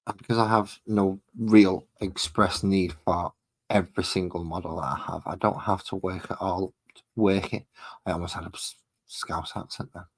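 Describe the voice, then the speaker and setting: A man with a low, slightly husky voice rambles casually as he works through his painting. He thinks aloud and pokes fun at himself, in an unhurried, chatty way at a home hobby desk. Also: flat delivery, poor audio. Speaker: miniature painting hobbyist host.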